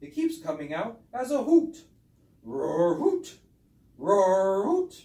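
A woman's voice: huge pitch swings, takes it slowly, dark tone, exaggerated voice. Woman voicing Minerva, a hooting owl puppet. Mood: discouraged. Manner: sweet, earnest, slips into high hoots. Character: cheerful female owl puppet, earnest, keeps hooting. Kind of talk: children's puppet skit. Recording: roomy sound from a distant mic.

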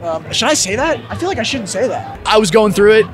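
A man's voice: high-pitched, big pitch swings, quick pace, music in the background. A young adult man, a musician guest in an interview, telling a story in a laid-back, slangy way full of fillers and swearing.

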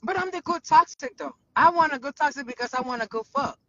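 A woman chatting as a guest on a live stream, loud, playful and flirty, slipping into Spanish now and then. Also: high voice, fast talker, no room sound, dull audio. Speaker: livestream guest. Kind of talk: casual live-stream chat.

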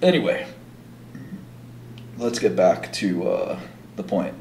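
A man's voice: low voice, expressive, slow, creaky, a little mellow, a little hiss or hum. A man hosting a casual livestream, rambling through stories with lots of filler words. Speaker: livestream host. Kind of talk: casual storytelling chat. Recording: echoey room.

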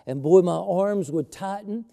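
A middle-aged male pastor preaching a sermon in a church, reading scripture with slow, emphatic phrasing. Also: high-pitched, gravelly, dark tone. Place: church sanctuary. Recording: long church reverb.

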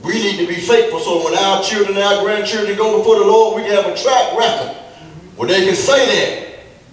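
Fervent high-voiced preacher in an echoey church. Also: male voice, normal speed. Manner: fervent call-and-response preaching, breaking into shouts and chant. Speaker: pastor. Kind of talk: sermon. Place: church sanctuary. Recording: very echoey church, mic at a distance, music behind.

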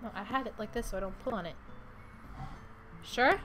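A woman with a high voice chats her way through a video game stream. She talks casually, reacts out loud and laughs often. Faint game music plays behind her. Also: a little fast. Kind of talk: casual let's-play commentary.

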